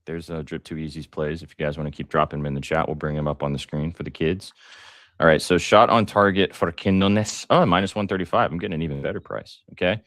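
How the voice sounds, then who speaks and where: A deep-voiced man hosting a live betting stream, chatty and excitable, throwing in jokes and ums. The sound is close and dry, with no room around it. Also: fast talker, dry recording. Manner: excitable, joking, lots of fillers. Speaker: sports betting show host.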